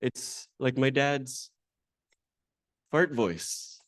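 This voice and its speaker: This man draws out his words in a mid-range voice while emceeing a conference in a hall. After introducing a panel, he tells the live audience a candid, self-deprecating personal story conversationally. The recording has no echo and is studio quality.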